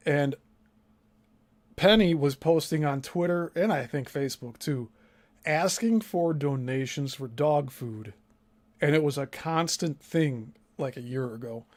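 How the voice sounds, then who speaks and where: Male host, blunt emphatic commenter, swears, slightly high voice. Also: a little mellow. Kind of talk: casual commentary.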